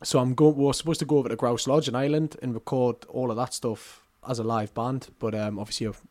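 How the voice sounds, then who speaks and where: A man's voice: medium pitch, fairly even intonation, quick pace, darkish tone. A young man in his twenties, a musician chatting casually and self-deprecatingly as a guest, laughing often. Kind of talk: casual chat.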